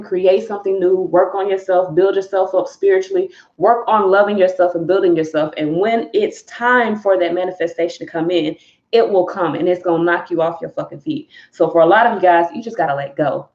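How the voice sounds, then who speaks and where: A woman's voice: mid-range voice, darkish tone, roomy sound, lo-fi sound. Blunt, profane woman giving a tarot reading. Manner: candid, profane, emphatic, addresses viewers as y'all. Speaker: tarot reader. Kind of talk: live collective tarot reading.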